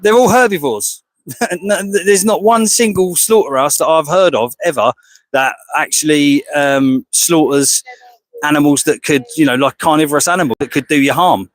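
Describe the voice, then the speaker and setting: Outside a slaughterhouse, an English male animal rights activist delivers a heated, confrontational monologue, combative and rhetorical, firing questions and calling people "mate." His pitch is fairly high and his speed normal, on a rough recording with no echo.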